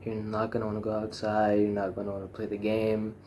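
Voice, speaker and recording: A man's voice: fairly low pitch, completely flat delivery, a little fast, mellow, slight background noise. A young man talking frankly in a rambling personal monologue, full of fillers, restarts and swearing. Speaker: vlogger.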